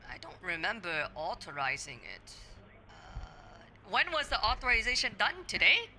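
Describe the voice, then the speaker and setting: A man playing a hesitant adult woman posing as a scam target on a phone call, full of pauses and fillers. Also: sits high, sing-song, pushed and bright, slight background noise, pitched above the performer's own voice, exaggerated voice. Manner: hesitant, slow, full of uh and spelled-out letters. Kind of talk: scambait phone role-play.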